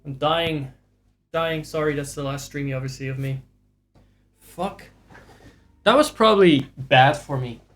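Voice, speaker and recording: A man's voice: mid-range voice, animated, normal speed, long pauses, fairly bright tone, soft background music. A man streaming live and chatting casually with viewers, rambling, sarcastic and profane.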